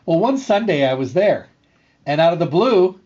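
A man's voice: a little high, normal speed. Earnest middle-aged man telling a story. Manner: earnest, repetitive, animated storyteller. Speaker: radio show host and health food store owner. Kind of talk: casual storytelling monologue. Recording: slightly dull, lo-fi sound.

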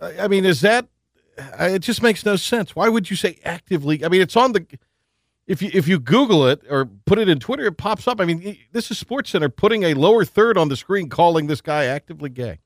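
An animated sports radio host whose voice sits high keeps the chat with his co-host casual and jokey. He repeatedly restarts his sentences, and the studio recording is clean with no echo.

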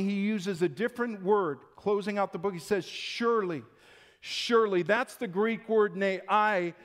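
A male pastor preaching a Sunday-morning sermon in an emphatic, conversational way. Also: high-pitched.

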